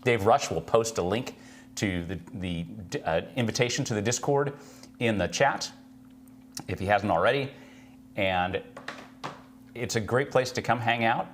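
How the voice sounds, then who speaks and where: A man's voice: fairly low pitch, a little slow, pauses often, a little hiss or hum. A man co-hosting a live tech stream, greeting viewers by name and reading their chat questions aloud.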